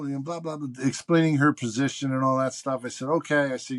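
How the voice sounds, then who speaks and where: A man's voice: mid-range voice, normal speed. A man, a guest on a podcast, telling a story in casual chat, acting out the callers and swearing freely. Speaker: guest, venue box office manager.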